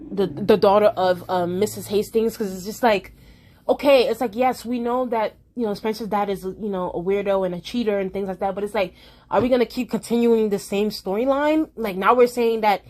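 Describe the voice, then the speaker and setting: A young woman, rambling through a casual opinion vlog and restarting her sentences often. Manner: rambling, restarts often, animated swings in pitch. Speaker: vlogger.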